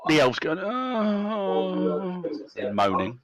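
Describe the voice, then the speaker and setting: Animated male game master. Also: mid-range voice, moderate pace, over a noisy crowd. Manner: chatty, animated. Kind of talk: narrating a tabletop game. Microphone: close mic, live stream.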